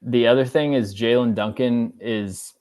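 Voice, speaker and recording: A man on a podcast as a guest analyst, breaking down football plays in a casual, halting way full of fillers and restarts. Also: mid-range voice, steady tone, a little mellow, no room sound.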